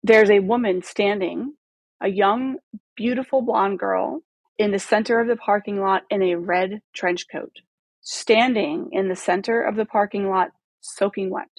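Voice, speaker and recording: A woman in her thirties, a podcast guest telling a long story in a casual, animated way, swearing freely and acting out the dialogue. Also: mid-range voice, measured pace, dry recording. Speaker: podcast guest, photographer and former model.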